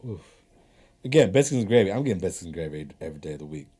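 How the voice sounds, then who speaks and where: A man's voice: low-pitched, lively intonation, very fast, mellow, slightly rough. A man co-hosting a podcast in casual chat, blunt and opinionated with dry putdowns. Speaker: podcast co-host.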